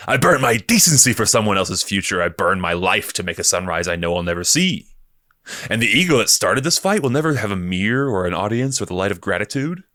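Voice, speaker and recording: Guy reading as a grim rebel spy boss, slow and heavy, dry close sound. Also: fairly low pitch, big pitch swings, sharp tone, no room sound. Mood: solemn. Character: grim male rebel spymaster, world-weary and intense. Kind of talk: dramatic reading of a monologue.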